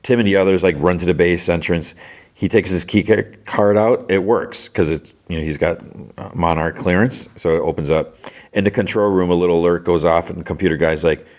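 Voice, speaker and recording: This male podcast host has a low, darkish voice and a brisk delivery. He gives a loose, rambling recap of an episode, packing his speech with "like" and "you know."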